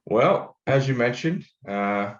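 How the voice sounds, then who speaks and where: A man's voice: medium pitch, expressive, takes it slowly. A man from Australia with an Australian accent, a guest telling stories in a laid-back, jokey way. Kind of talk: casual interview chat. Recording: echoey, dull-sounding room.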